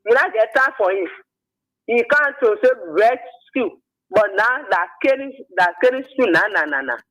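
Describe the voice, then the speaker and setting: Effusive high-voiced Liberian caller. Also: male voice, animated, normal speed, sharp tone, low-quality recording. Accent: Liberian English. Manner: effusive, rambling.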